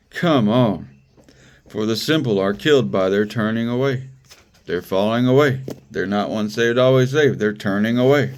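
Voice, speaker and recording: A man's voice: medium pitch, a little mellow. A man giving a casual, conversational sermon, repeating phrases for emphasis and laughing now and then. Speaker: preacher.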